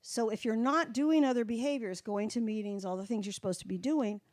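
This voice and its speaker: A woman's voice: a little high, a little fast, darkish tone, dry recording, clean studio sound. A woman in her seventies, a guest in a casual interview, telling candid stories and folksy sayings in a plainly conversational way. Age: 70s. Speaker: guest, folk singer in long recovery.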